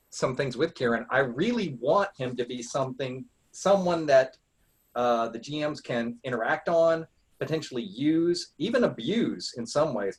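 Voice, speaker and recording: A man's voice: medium pitch, husky. A man, a larp player, chatting eagerly on a group call and laughing often. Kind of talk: casual video call chat.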